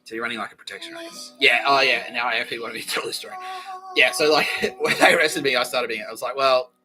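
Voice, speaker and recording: A man's voice: mid-range voice, steady tone, fast, music in the background, poor audio. A man with an Australian accent, hosting a podcast and telling a rambling, profane comic story with frequent laughter. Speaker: podcast host. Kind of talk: rambling comedic monologue.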